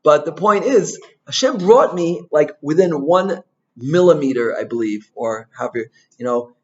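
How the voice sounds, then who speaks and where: A male rabbi giving an informal Torah talk, an animated storyteller who mixes in Hebrew and Yiddish terms and keeps asking "right?". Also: fairly high pitch, moderate pace, highs cut off.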